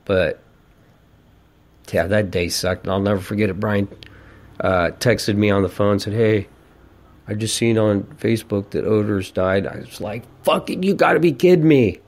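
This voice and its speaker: Brief: man in his 40s, lowish voice, profane ranting podcast host, casual storytelling. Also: flat delivery, normal speed, pauses often, darkish tone. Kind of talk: casual monologue.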